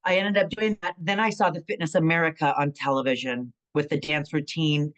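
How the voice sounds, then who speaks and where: A woman's voice: deep voice, a little fast, highs cut off. A middle-aged woman from California, a former pro wrestler telling stories in a casual interview, acting out quotes with plenty of fillers. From San Bernardino, California. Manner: animated storytelling, acts out quotes, frequent fillers.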